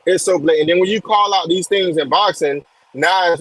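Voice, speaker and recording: A man's voice: high-pitched, normal speed, few pauses, a bit bright, no room sound, poor audio. A man calling in to a casual boxing chat, speaking emphatically and repeating his points. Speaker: guest on call.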